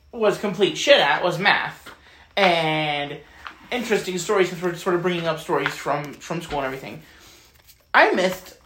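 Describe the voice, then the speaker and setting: A man's voice: a little high, fairly bright tone, slight background noise. A man co-hosting a podcast, telling candid school stories in a stop-start, casual way. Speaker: podcast co-host. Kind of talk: casual chat. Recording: echoey room.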